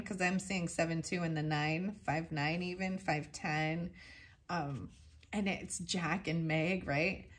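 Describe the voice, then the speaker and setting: A woman's voice: fairly low pitch, slow pace, fairly bright tone. A woman giving a tarot reading in a casual, rambling way, thinking aloud as she goes and questioning herself. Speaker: tarot reader.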